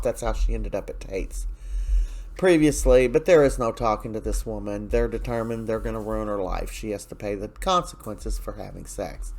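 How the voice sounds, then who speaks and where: A man casually recapping a daytime soap episode, chatty and opinionated, with plenty of fillers and asides. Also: medium pitch. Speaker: soap opera recap host.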